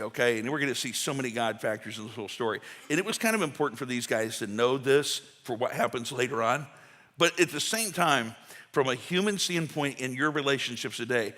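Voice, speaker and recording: A man's voice: medium pitch, sharp tone. A man preaching a conversational sermon as pastor, folksy and full of asides and restarts. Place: church sanctuary. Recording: long church hall reverb.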